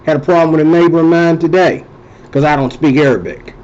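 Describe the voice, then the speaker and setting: A man's voice: a little high, steady tone, fast talker, a little mellow, dull audio. A man hosting a casual rambling monologue, talking loosely and circling back to repeat himself. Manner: rambling, conversational, repeats and restarts phrases. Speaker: host.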